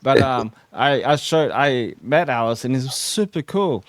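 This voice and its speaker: A man's voice: mid-range voice, lively intonation, a little slow, no echo. A man hosts a podcast in an easy, laid-back way, chatting with enthusiasm and dropping casual words like man and dude. His voice sits in a middle register. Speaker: podcast host.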